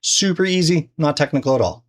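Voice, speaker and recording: A man's voice: fairly high pitch, a little fast. A man teaching trading in a loose, conversational way, full of fillers and restarts. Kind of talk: casual explanatory lesson.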